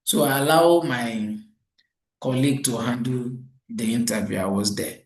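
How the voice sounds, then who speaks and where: A man's voice: mid-range voice, measured pace, reverberant, rough recording. A middle-aged man giving a customer service training lecture, telling stories and acting out quoted exchanges. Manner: animated storytelling, acts out quoted exchanges.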